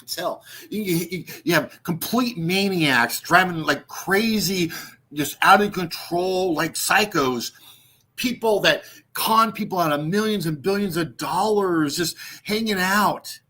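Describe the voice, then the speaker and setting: A man ranting on a livestream in a high, bright voice. He mocks his rivals with constant swearing and circles back to the same points. His delivery is loud and scornful, with a sharp edge. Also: slow pace. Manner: mocking, profane, repetitive. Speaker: streamer.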